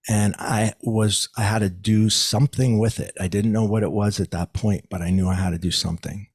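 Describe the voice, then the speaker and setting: A man's voice: fairly quick, slightly rough, no room sound. A middle-aged man, a psychic medium guest, telling his story in an interview and acting out the people he quotes. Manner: acts out quoted people with raised pitch, lively.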